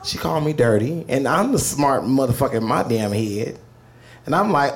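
A man's voice: mid-range voice, moderate pace. A man telling a funny personal story live, swearing freely and laughing as he talks. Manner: profane, animated, laughs mid-sentence.

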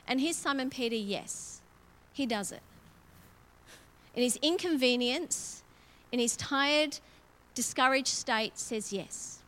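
High-voiced woman preaching. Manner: chatty and expressive, building emphasis as she goes. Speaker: church speaker. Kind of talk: conversational sermon with Bible reading.

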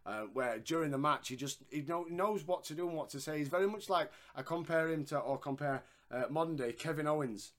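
A man's voice: on the high side, brisk, hardly any pauses, a bit bright. A man co-hosting a casual wrestling review, laughing often and swearing freely. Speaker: podcast co-host.

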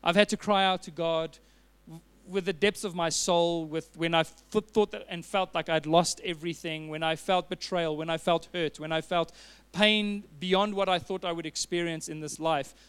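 Pastor guy giving an earnest sermon, kinda high voice, smooth and clear. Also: fairly even intonation, normal speed, fairly bright tone. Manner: earnest, personal storytelling with fillers and restarts.

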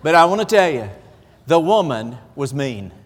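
A man's voice: a little high, very animated, normal speed, in a large hall. A man with a Southern US accent preaching a sermon, telling folksy, self-deprecating stories with humor. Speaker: pastor.

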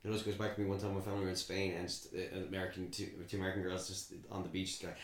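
A man's voice: low voice, level tone, racing, few pauses. A man in casual chat, telling wry little stories. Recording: roomy echo, faint background noise.

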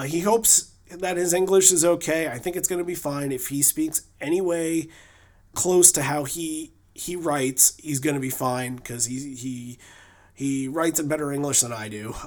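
A man's voice: fairly high pitch, a little mellow. A man co-hosting a podcast, talking in a loose, rambling way with many fillers and restarts. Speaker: podcast co-host. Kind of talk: casual podcast chat. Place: lives in New England.

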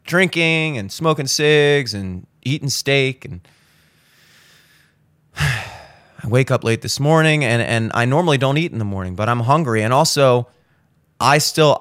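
A hungover young man hosting a podcast, talking casually and profanely, breaking into loud exasperated rants. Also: mid-range voice, expressive, unhurried, smooth, dry recording, studio quality. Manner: profane, ranting, swings into loud exasperated outbursts. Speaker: podcast host. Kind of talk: casual monologue.

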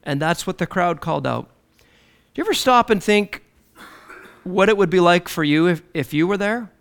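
Man, preacher, sermon, high voice, very animated pitch, dramatic delivery. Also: moderate pace, vocal fry, clean tone. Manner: dramatic, swinging from loud declarations to low hushed lines.

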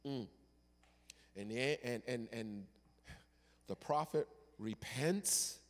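A male pastor delivering a sermon with dramatic storytelling that swings from loud to hushed. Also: medium pitch, takes it slowly, in a large hall.

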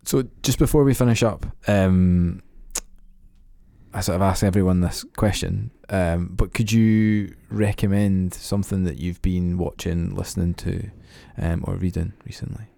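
A man hosting an interview podcast, asking questions with halting restarts. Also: deep voice, fairly even intonation, vocal fry, mellow, dry recording, clean studio sound. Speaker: podcast host.

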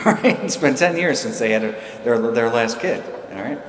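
A man in his sixties delivers a sermon in a large, echoing church hall, with steady room noise behind him. He moves from quiet storytelling to emphatic, fervent peaks. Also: fairly low pitch, unhurried. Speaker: preacher.

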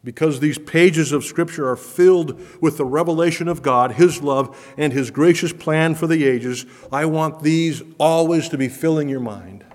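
A man's voice: on the high side, moderate pace, hardly any pauses, darkish tone. A man preaching a sermon as pastor, earnest and emphatic, with his voice swelling when he speaks of wonder and awe. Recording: long hall reverb.

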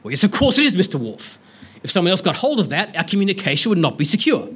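A pompous starship captain barking orders in a clipped, formal voice, as a male lecturer puts him on. His voice sits high and comes across husky, brisk and self-assured. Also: sing-song, heavily acted. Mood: impatient.

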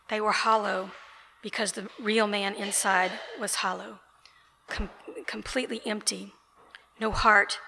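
An author reading her novel aloud at an indoor event, in a steady, even reading voice. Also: mid-range voice, vocal fry. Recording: reverberant event room.

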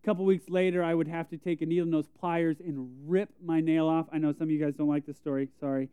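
High, smooth-voiced young pastor, tinny sound. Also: male voice, flat delivery, quick pace, no room sound. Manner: self-deprecating storyteller, acts out quotes. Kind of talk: conversational sermon.

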